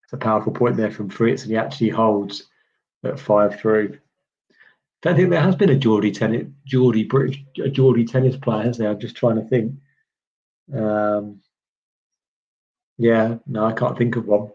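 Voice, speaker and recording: His voice is on the low side and darkish, at a normal speed broken by long pauses. The speaker is a British man doing laid-back live tennis commentary, chatting and rambling in reply to viewers with many "um"s. The lo-fi stream audio sounds a little dull.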